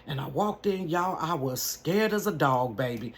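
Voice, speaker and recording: Woman vlogger, storytime, animated, folksy, home bedroom, talking to camera. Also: low voice, normal speed, slight background noise. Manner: animated, folksy, addresses viewers as y'all and honey. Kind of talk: storytime vlog, telling a personal story. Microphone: camera at close range.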